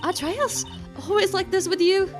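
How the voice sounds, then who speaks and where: A woman voicing a cheerful young female sidekick in a bright, chatty way, reading game dialogue. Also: very high-pitched, fairly even intonation, moderate pace, over music, pitched above the performer's own voice.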